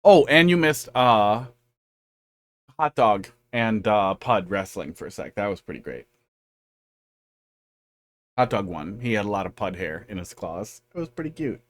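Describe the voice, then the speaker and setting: A man's voice: lowish voice, sing-song, a little slow, long pauses, slight background noise. Casual guy on a game stream, baby-talks his cats, voice bounces around a lot. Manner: chatty, talks fondly to his cats between greeting viewers. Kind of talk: casual live-stream chat.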